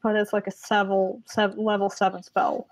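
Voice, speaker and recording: A woman's voice: mid-range voice, level tone, normal speed, dry recording. A woman playing a tabletop game, chatty and hesitant, speaking for her character. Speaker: player.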